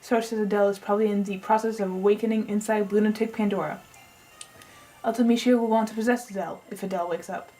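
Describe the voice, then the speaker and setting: Faint music plays behind a woman reading game dialogue quickly and steadily in a mellow, medium-pitched voice close to her everyday one, on a low-quality recording. She voices a pompous, eccentric male scientist lecturing through his long plan, with a half-tried accent that keeps slipping.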